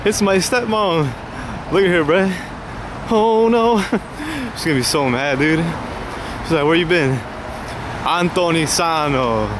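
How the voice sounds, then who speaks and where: A young man casually vlogging with a camcorder, slangy and quick to laugh. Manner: slangy, laughing, baby-talks to his dog in a much higher voice. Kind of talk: casual vlog chat. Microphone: handheld camcorder. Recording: noisy street ambience, vehicles.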